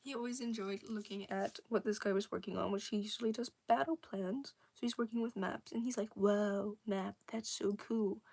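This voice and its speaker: A woman's voice: on the high side, fairly quick, gravelly, few pauses, a little mellow. A young woman casually rambling about her original characters, with many fillers, restarts and giggles. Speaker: storyteller.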